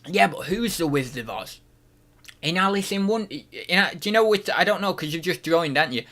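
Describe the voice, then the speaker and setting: A man's voice: fairly high pitch, expressive, fairly quick, a bit bright. A man from the UK hosting a casual livestream, reading out chat questions and thinking aloud, often restarting and unsure of himself.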